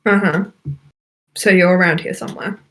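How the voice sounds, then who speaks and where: A woman player in a tabletop game, casual and quick with in-character banter. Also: lowish voice, fairly even intonation, a bit bright, slight background noise, poor audio.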